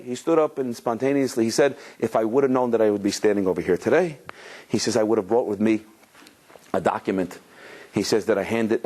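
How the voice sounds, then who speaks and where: A man's voice: on the low side, a little mellow. A man, a rabbi, giving a storytelling Torah lecture, mixing in Hebrew and Yiddish terms and often restarting his phrases. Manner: storytelling with many restarts and quoted voices.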